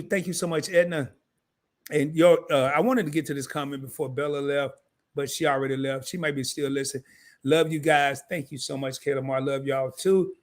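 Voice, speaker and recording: A man hosting a live stream, wrapping up the show with loose, slangy banter and quick asides to his viewers. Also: a little high. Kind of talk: casual live stream sign-off.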